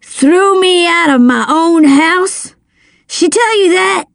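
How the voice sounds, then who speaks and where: A woman voicing a drunk, violent middle-aged man who snarls threats, read slowly in a dry, close storybook reading. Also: fairly high pitch, vocal fry, a little mellow, dry recording, full character voice. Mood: menacing.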